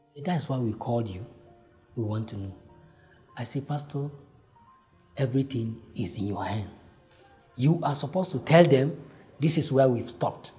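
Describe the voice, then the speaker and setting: A man telling his own life story, acting out heated exchanges with lively swings in voice. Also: mid-range voice, normal speed, long pauses, soft background music. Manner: animated, acts out heated exchanges. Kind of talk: personal storytelling.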